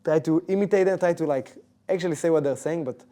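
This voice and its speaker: A man's voice: on the high side, quick pace, dark tone. A man as an interview guest, chatting in an easygoing, casual way and often restarting his sentences. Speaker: guest, professional esports player.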